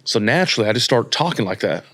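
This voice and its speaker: A man in his late thirties, a podcast guest telling his story in a casual, slangy, animated way and acting out the people he quotes. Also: lowish voice, quick pace. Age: 30s.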